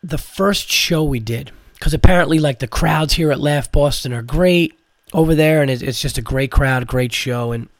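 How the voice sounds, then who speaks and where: A man's voice: fairly high pitch, moderate pace, no room sound. Tired new york comedian guy rambling through a story, swears a lot, dry close sound. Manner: rambling, profane, frequent restarts. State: tired from medicine. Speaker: comedian podcast host. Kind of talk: casual storytelling.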